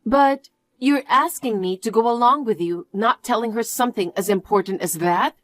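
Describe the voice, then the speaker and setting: Storybook lead: woman playing a firm, earnest young fiancée, raised pitch, dry sound. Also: normal speed, no echo, close to an everyday voice. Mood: puzzled. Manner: earnest and questioning. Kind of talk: storybook narration.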